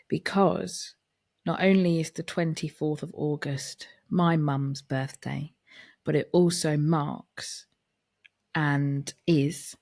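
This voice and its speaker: A young woman with a low voice talks candidly in a podcast monologue and acts out her family's dialogue as she goes. She speaks close to the mic in a very dry, dead room. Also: darkish tone, no echo. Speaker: podcast host. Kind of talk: personal reflective monologue.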